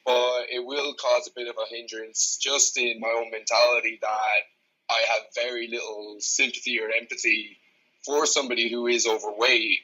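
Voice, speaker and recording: A young Irish man in his twenties, talking as a strength coach on a podcast. His voice is very bright with a husky edge. He speaks bluntly and frankly and swears freely. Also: mid-range voice, little pitch movement, normal speed, rough recording. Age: 20s. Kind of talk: casual podcast conversation.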